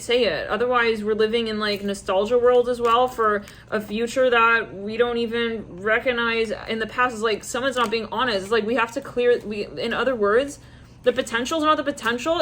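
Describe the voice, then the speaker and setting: A woman giving a casual, rambling psychic tarot reading to her viewers, slipping into quick quoted asides. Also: mid-range voice, a bit bright, slight background noise. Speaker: tarot reader.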